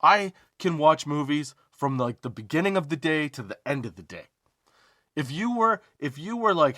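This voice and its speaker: A man hosting a comedy podcast, telling a story as a profane, emphatic rant, drawn-out emphasis and rhetorical asides like "okay?". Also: a little high, expressive, sharp tone, dry recording, clean studio sound. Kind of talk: comedic ranting monologue.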